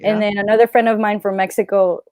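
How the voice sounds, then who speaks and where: A woman's voice: medium pitch, level tone, a little mellow, no room sound, clean studio sound. A woman guesting on a live stream, chatting casually and teasing with lots of giggles. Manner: giggly, teasing, quick bursts. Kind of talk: casual chat.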